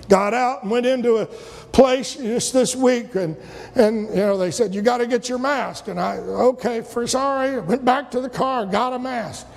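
A man preaching a sermon, retelling scripture stories and acting out the voices, sometimes rising to shouts. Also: very high voice, measured pace, gravelly. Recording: long hall reverb.

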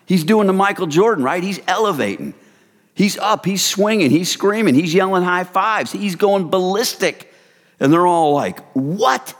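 A male preacher delivers a sermon with a lively, swooping voice that drops to a hush and then jumps into loud excited bursts. He keeps it casual and talks to his listeners as "you guys". A long hall reverb trails behind his words. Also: high-pitched, normal speed. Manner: animated, swings from hushed to loud excited bursts.

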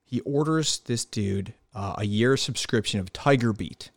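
A podcast host tells a prank story in a relaxed, joking, slightly crude way. His voice sits a bit low. The sound is dry and close to the mic. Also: measured pace, dry recording. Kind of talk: casual chat.

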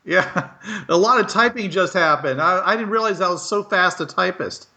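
A man's voice: high-pitched, normal speed, pushed and bright. A man hosting a casual chat, chuckling often and asking clarifying questions. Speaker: host.

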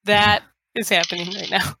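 A woman's voice: medium pitch, flat delivery, normal speed, background noise. A woman playing a tabletop game, casual and joking. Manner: joking, playful. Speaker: player.

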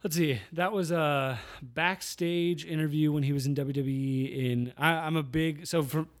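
With a fairly high, steady voice and a measured pace, a man hosts his own podcast. It's casual solo chat, full of rambling stories and frequent self-corrections.

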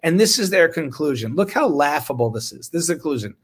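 Sarcastic, husky-voiced man. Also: a little high, sing-song, fairly quick, few pauses. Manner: sarcastic, indignant, with laughs. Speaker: physician speaking on medical research. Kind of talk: impassioned talk.

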